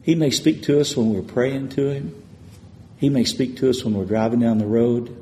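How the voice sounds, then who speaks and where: A man's voice: mid-range voice, steady tone, normal speed, mellow, a little hiss or hum. Preacher man in an echoey hall. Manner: emphatic, repetitive preaching cadence. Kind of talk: sermon. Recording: echoey hall with long reverb.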